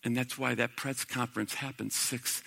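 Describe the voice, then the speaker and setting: A middle-aged man preaching a sermon, building to impassioned peaks and dropping to hushed, quiet passages. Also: mid-range voice, flat delivery, moderate pace, creaky, breathy edge. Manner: impassioned, swelling to emphatic peaks then dropping to hushed quotes. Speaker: pastor.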